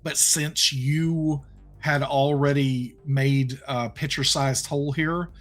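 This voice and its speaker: A man's voice: mid-range voice, steady tone, slow. A man with a Southern US accent narrating as game master, often hesitant, with many ums and restarts.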